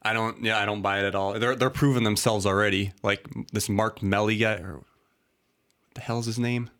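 Here the tipsy man hosting a casual talk-show podcast has a fairly low, slightly bright voice with fairly even intonation. He rambles at a moderate pace, laughing as he chats.

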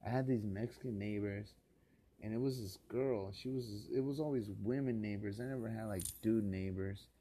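A man's voice: fairly low pitch, moderate pace, mellow, a little hiss or hum. A man from the Los Angeles area in a rambling solo podcast monologue, talking bitterly and with constant swearing, often rising into angry rants.

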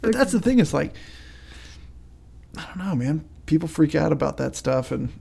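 Gravelly-voiced man telling crude jokes. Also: a little high, big pitch swings, normal speed, dark tone. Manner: crude, joking storyteller. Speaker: podcast co-host. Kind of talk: casual chat.

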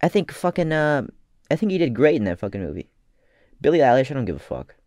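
A man's voice: medium pitch, quick pace, dry recording, studio quality. Profane rambling male vlogger. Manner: rambling, profane, deadpan asides. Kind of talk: casual comedic commentary.

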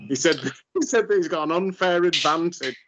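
A man's voice: on the high side, moderate pace, noisy background. A man, chatting casually on a podcast and making wry, chuckling remarks. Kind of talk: casual chat. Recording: dull lo-fi audio.

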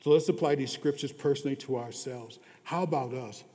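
A man preaching a sermon as pastor, earnest, moving between hushed and emphatic delivery. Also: medium pitch, a little fast. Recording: long reverb of a large hall.

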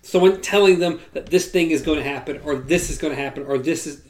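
Mid-pitched voice, casual chat, easygoing, laughs easily. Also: fast, a little mellow.

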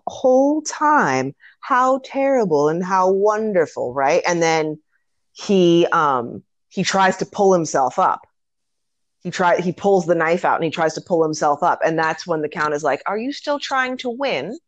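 Low-voiced woman gushing over a film. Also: no room sound. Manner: animated, swears freely, acts out scenes. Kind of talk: casual movie discussion.

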